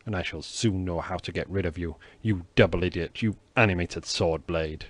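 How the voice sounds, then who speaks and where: A man's voice: medium pitch, expressive, moderate pace, a little mellow, no room sound, natural voice. A man reading an audiobook, voicing a cunning, seductive noblewoman who speaks in a coy, calculating way. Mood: contemptuous aside.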